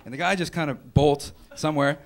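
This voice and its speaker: A man's voice: on the high side, steady tone, fairly quick. A young man doing a stand-up set on a club stage, rambling and offhand, slipping into acted-out voices. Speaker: stand-up comedian. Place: comedy club stage with a laughing audience. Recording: noisy club recording.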